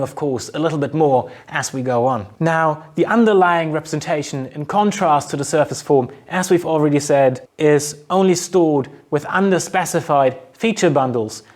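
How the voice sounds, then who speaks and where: A male university lecturer talks through his material in a measured, explanatory way. His voice sits a little higher than most men's, and he stops now and then to sound out example words clearly. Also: a little mellow. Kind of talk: recorded lecture narration.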